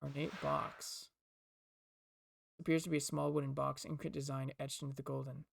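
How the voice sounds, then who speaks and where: A man's voice: mid-range voice, level tone, moderate pace, creaky, a little hiss or hum. A man hosting a let's play, chatting casually and reading game text aloud. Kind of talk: casual gameplay commentary.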